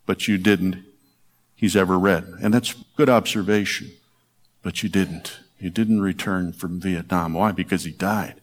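A man preaching a radio sermon, swinging between soft, quiet lines and forceful emphasis. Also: fairly low pitch, in a large hall. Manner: dramatic, rising to forceful emphasis then dropping soft.

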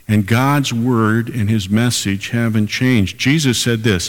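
A male pastor preaching a sermon, swinging between quiet asides and raised, impassioned lines. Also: medium pitch, normal speed, hardly any pauses. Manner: impassioned preaching, rising and falling, acts out quoted voices. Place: church sanctuary. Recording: long church reverb.

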